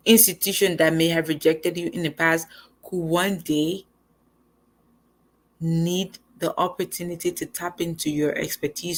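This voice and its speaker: Young woman chatting about life advice, slightly low voice, lively and chatty. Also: unhurried. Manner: animated, conversational, acts out quoted lines. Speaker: host. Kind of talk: casual motivational talk.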